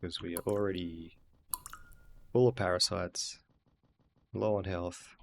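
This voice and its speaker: An Australian man talks through a game stream in an easy, muttering way, thinking aloud as he plays. His voice sits low and carries a rough, gravelly fry. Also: steady tone, takes it slowly, slight background noise. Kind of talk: casual gameplay commentary.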